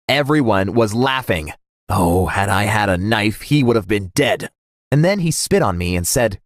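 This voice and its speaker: A man narrating a scripted first-person story in a dramatic, animated way. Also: lowish voice, normal speed, no echo, clean studio sound.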